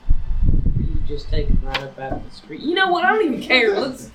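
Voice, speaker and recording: Rowdy laughing man with lively pitch. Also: brisk. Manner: rowdy, laughing, slurring tipsy character. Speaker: player. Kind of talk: playing a tabletop game in character. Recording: loud background noise.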